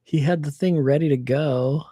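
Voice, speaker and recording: A woman rambles through a story on her livestream, cursing casually and rushing between tangents. Her voice sits warm and mellow. The sound is dry, with no room echo. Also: low voice, husky. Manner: animated storytelling, swears freely, acts out quotes.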